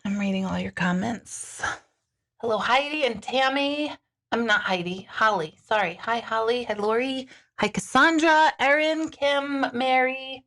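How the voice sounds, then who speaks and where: A woman's voice: on the high side, a bit bright. Chatty frank woman hosting a livestream. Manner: frank, chatty, swears casually. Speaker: livestream host, intuitive coach. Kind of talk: casual live-stream chat.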